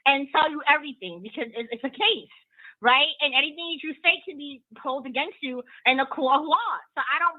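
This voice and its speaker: A high-pitched woman rambles through her opinions on a call-in show. She talks in a chatty, easygoing way and laughs easily. Her voice comes through a thin, tinny phone line. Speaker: caller. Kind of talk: call-in commentary.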